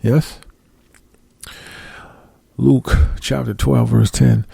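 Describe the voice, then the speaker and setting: Man, middle-aged, gravelly, dark husky tone, casual sermon, conversational preacher. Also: mid-range voice, moderate pace, no echo. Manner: conversational, asks listeners for agreement. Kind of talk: casual sermon with scripture reading.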